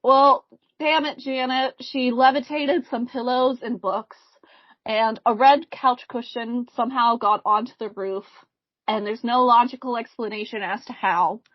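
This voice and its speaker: A woman co-hosting a podcast, telling a haunting case in a measured casual way among friends. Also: a little high, steady tone, no echo. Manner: reads the story in a measured way, breaks into laughter. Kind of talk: casual storytelling chat. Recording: dull, slightly lo-fi podcast mic.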